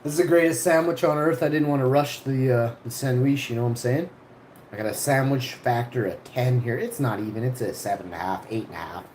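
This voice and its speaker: A man casually telling stories on a live stream, rambling and swearing, and getting loud when he is excited. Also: mid-range voice, a little fast. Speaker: vlogger. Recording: echoey room, faint ambient noise.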